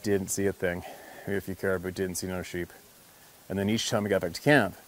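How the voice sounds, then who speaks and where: A man who works as a hunting and fishing guide tells a hunting story casually, swearing freely and laughing as he goes. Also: fairly low pitch.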